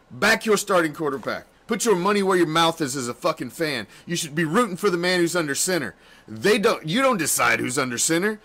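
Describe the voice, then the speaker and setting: A man hosting a postgame fan reaction show, ranting with constant swearing, laughing often and swinging between yelling and muttering, in a home studio room. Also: fairly high pitch, animated, fairly quick. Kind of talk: profane postgame rant.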